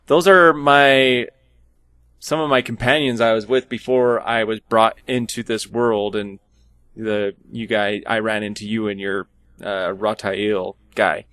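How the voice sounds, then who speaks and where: A man's voice: mid-range voice, measured pace, a bit bright, no echo. A man playing a character in a tabletop role-playing game, friendly and curious, asking questions. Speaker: player.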